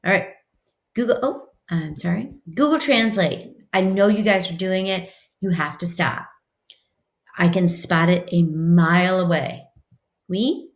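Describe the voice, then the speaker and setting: Chatty woman teaching French, echoey room. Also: lowish voice. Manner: chatty, slows down to model French words. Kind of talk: classroom lesson.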